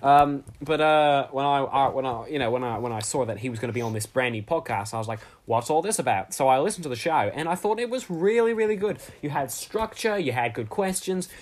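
A man playing a cheerful, bumbling Australian bloke on a comedy podcast, with a deliberately bad put-on Australian accent and a rambling way of talking. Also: mid-range voice, animated, slight background noise, lightly acted. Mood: cheery. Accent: put-on Australian, badly done. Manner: cheesy slang, rambling with fillers and restarts. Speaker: podcast guest character.

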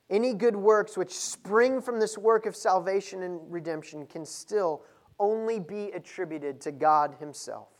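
Male preacher, sermon delivery, rises to emphatic peaks. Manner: builds from low and measured to loud and emphatic.

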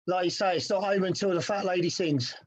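A man's voice: sits high, steady tone, fast talker. A man from England hosting, thanking a guest modestly and signing off in casual chat. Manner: modest, laughing, says cheers mate. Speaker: host. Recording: slightly dull lo-fi sound.

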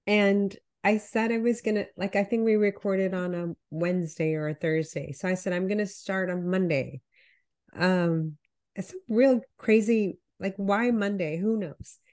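A woman with a medium-pitched, darkish voice speaks unhurriedly as a podcast co-host. She's a health coach with a cold, congested and nasal, talking casually with a slightly apologetic air.

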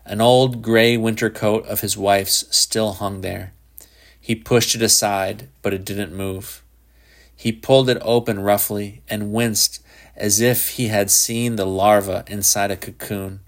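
A man with a fairly low voice narrates a short story in a measured, even way. His delivery is steady scripted storytelling for an audiobook. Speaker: audiobook reader.

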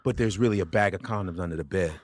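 A man, appearing as a podcast guest, speaks very fast in a low register. He's a comedian swapping profane, lively stories in loose conversation, doing impressions of the people involved.

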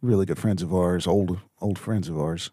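Low-voiced man hosting a faith podcast. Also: warm tone, dry recording, clean studio sound. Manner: earnest, halting, with many fillers. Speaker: podcast host. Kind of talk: reflective faith podcast talk.

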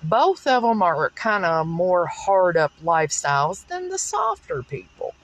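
A woman with a Southern accent hosts a solo podcast, talking slowly in a rambling way and often stopping on fillers. Her voice sits fairly low for a woman. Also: big pitch swings, no echo. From American South. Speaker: podcast host. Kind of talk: solo opinion monologue.

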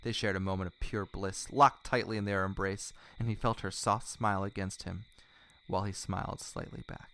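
A man reading a romance story aloud in a hushed, mock-earnest way. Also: deep voice, steady tone, moderate pace, vocal fry. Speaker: reader of a fan story.

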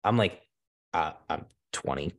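A man's voice: very deep voice, lively intonation, measured pace, a bit bright. A man in his thirties telling a story in a loose, chatty way, full of fillers and laughs. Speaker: guest. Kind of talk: casual storytelling.

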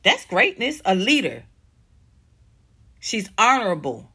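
A woman's voice: fairly high pitch, animated, moderate pace, a bit bright. A woman in her fifties giving emphatic, outspoken pop culture commentary. She reads posts aloud, reacts to them and swears freely. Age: 50s. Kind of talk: animated commentary vlog.

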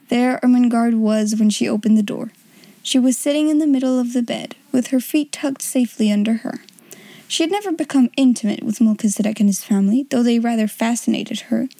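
A woman's voice: a little high, vocal fry, dark tone, no echo. A woman hosting an audiobook podcast, chatting casually and reading a children's novel aloud. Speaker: audiobook podcast host and reader.

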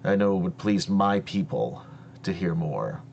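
A man's voice: low voice, lively intonation, measured pace, creaky, a little mellow, lo-fi sound, slight background noise, exaggerated voice. A man voicing a stern, formal elf prince. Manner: solemn, formal speech.

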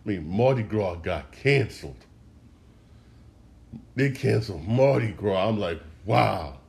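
A man's voice: on the low side, animated, measured pace, creaky, a little mellow. A man hosting a solo podcast, ranting in a heated way, repeating himself and speaking straight to his listeners. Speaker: podcast host.

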